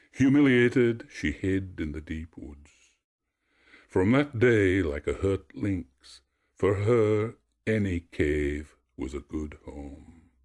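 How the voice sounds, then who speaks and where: A man narrating a myth in a measured, expressive storytelling voice. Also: sits low.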